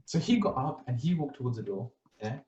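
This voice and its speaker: A young man tells a story on a podcast in an animated, playful way, acting out each moment. His voice is in the middle of the range for a man. The mic sits a little way off in a room that echoes. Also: mid-range voice, brisk, muffled recording, noisy background. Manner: animated, acts out scenes, tags lines with "yeah?". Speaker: podcast co-host. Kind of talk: casual storytelling. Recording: roomy sound, mic at a distance.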